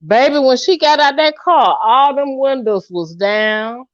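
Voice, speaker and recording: A woman in her fifties telling a funny story in casual chat, animated and laughing as she acts out what people said. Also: high voice, unhurried, dry recording, lo-fi sound. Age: 50s.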